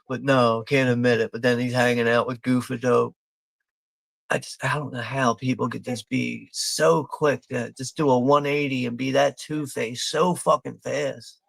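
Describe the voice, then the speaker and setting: A man's voice: medium pitch, level tone, normal speed, vocal fry, fairly bright tone, dry recording. A man from Philadelphia hosting a live movie watch party, rambling and swearing with frequent laughs. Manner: profane, rambling, laughing often. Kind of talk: casual live commentary.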